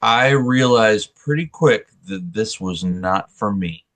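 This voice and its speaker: Male co-host, low voice, frank and opinionated. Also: takes it slowly, fairly bright tone. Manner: blunt, opinionated. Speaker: podcast co-host. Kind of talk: casual chat.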